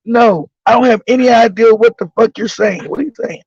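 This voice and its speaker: Male host, profane, mocking storyteller; gravelly and dry, lo-fi sound. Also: very high voice, brisk, darkish tone, no echo. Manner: profane, laughs often, mocking. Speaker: livestream show host. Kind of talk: casual comedic storytelling. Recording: dull lo-fi recording.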